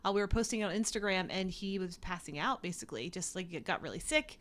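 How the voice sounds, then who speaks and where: A woman's voice: on the low side, animated, quick pace, fairly bright tone. A woman co-hosting a casual live-stream chat, talking with many fillers and little laughs. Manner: chatty, giggly, many fillers. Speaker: co-host.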